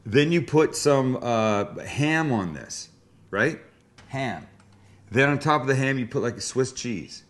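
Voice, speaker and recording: A man of ordinary pitch hosts a laid-back cooking show from a home kitchen. He wisecracks, swears now and then, and talks viewers through each step in a loose, joking way. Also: animated, takes it slowly, fairly bright tone. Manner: joking, wisecracking, a bit profane. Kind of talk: casual cooking demonstration.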